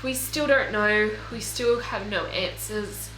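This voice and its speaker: A young woman recording a personal video diary, speaking in an emotional, halting way while tearful. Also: mid-range voice, sharp tone. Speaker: vlogger. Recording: echoey room with faint music.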